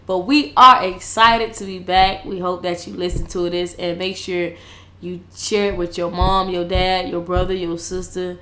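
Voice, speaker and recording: A woman's voice: fairly low pitch, level tone, normal speed, sharp tone, slight background noise. A woman co-hosting a podcast, affirming her partner and signing off listeners in an upbeat, casual way. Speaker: podcast co-host.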